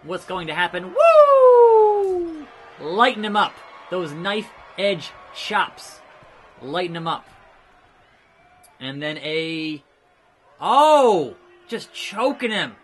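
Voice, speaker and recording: A man hosting a let's play, giving excitable, jokey wrestling play-by-play with sudden shouts. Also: fairly high pitch, takes it slowly, long pauses, a little hiss or hum. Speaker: host.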